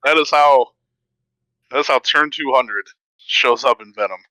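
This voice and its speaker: A man's voice: medium pitch, measured pace, no room sound, low-quality recording. A man hosting a podcast, telling a story in casual chat and acting out the voices in it. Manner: animated, acts out quoted voices. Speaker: podcast host.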